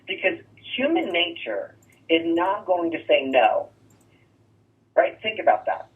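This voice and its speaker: A man's voice: fairly high pitch, big pitch swings, unhurried. A man teaching real estate agents door-knocking scripts, leaning on rhetorical "right?" asides as he coaches. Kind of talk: sales training talk. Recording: thin phone-like distant sound.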